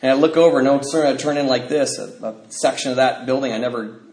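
A man's voice: medium pitch, quick pace, darkish tone. A man telling a personal recovery story at a meeting, rambling with restarts and acting out other people's lines. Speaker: speaker sharing a recovery story. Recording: roomy echo, faint noise.

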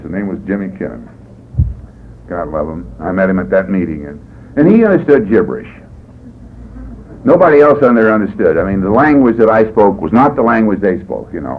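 A man speaking at a recovery meeting, telling his story in a rambling, folksy way with wry humor. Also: low voice. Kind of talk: personal testimony talk. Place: meeting room. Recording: tinny lo-fi tape with faint hiss.

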